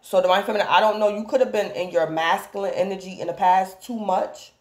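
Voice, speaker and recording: A woman's voice: mid-range voice, fairly even intonation, fairly quick, a little mellow, reverberant. A woman giving a casual tarot reading, rambling and repeatedly calling out to her viewers by the same phrase. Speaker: tarot reader.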